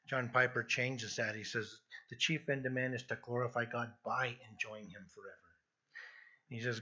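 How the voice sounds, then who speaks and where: A husky man delivers an expository sermon with earnest emphasis, often restarting phrases as he builds a point. His tone is bright and forceful. The recording sounds dull and lo-fi. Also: mid-range voice. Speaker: pastor.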